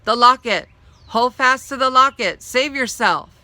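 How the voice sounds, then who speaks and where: Storybook talking dog, male, loyal and stern, firm and raised, read by a woman. Very bright voice. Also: fairly low pitch, measured pace, no echo. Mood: urgent.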